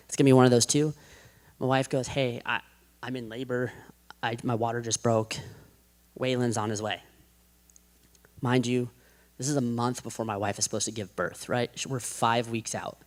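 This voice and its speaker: A man in his thirties tells his own faith story in a relaxed, conversational way. He leans on "like" constantly and slips into the voices of the people in his story. His pitch sits in the middle for a man. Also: a little fast. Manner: casual, heavy use of "like", acts out quotes. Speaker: podcast guest. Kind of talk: personal testimony.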